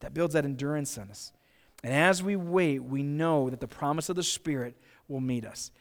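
Earnest American pastor in a reverberant hall. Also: male voice, fairly high pitch, normal speed. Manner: earnest, conversational preaching with repeated words. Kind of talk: sermon. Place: church sanctuary. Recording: long reverb of a church hall.

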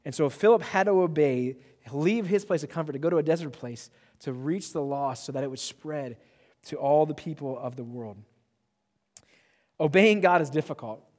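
A young man preaching a sermon, animated and joking, with self-mocking asides. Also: on the high side, normal speed, in a large hall. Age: young adult. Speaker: pastor.

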